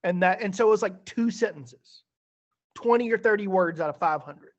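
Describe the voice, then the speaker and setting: A male teacher with a fairly high, bright voice talks students through feedback on a video call, chatty and a touch theatrical. The audio sounds a little dull and muffled, like a typical online meeting. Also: moderate pace. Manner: chatty, animated, a bit theatrical. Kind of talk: online class feedback session.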